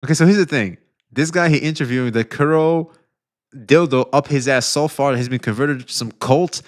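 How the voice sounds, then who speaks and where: A man streaming casual commentary on online drama, rambling and swearing with many fillers, his voice often trailing off quieter. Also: medium pitch, fairly quick.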